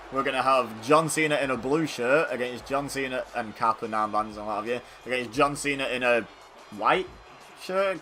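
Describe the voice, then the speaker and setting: With a mid-range, sharp-toned voice over slight background noise, this man rambles through commentary on a wrestling video game. He's a gaming YouTuber who keeps it chatty, uses plenty of fillers, and pokes fun at himself.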